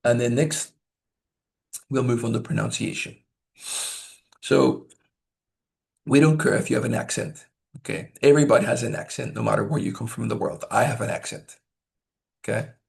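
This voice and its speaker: A man working as a language test examiner, teaching learners in a deliberate way, often checking in with "okay?" and acting out example sentences to show stress and intonation. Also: medium pitch, steady tone, creaky. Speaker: IELTS examiner giving tips.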